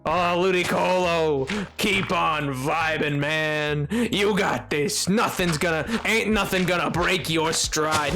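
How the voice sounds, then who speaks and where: A rambling, giggly male game streamer chats loosely with his viewers and fills his talk with fillers. His voice sits a little high, with faint music underneath. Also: takes it slowly, hardly any pauses, bright, forceful tone. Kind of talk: casual live-stream chat.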